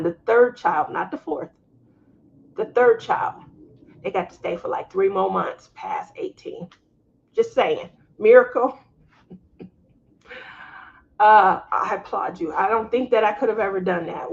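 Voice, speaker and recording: A woman's voice: creaky, dull audio. A middle-aged woman hosting a casual craft live stream, talking with her viewers, laughing often and acting out family members' lines in livelier voices. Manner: chatty, laughs often, acts out family quotes in higher voices. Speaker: craft channel host.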